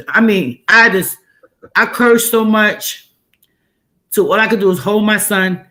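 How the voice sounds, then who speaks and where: This female host, lively and animated, shares a story in a relaxed chat at an unhurried pace and a medium pitch. Her tone is bright and forceful, and she drives her points home by repeating phrases over and over.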